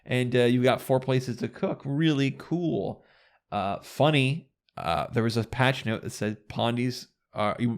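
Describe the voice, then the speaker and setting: A man chatting casually as a guest on a gaming podcast, rambling and restarting his sentences with enthusiasm. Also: mid-range voice.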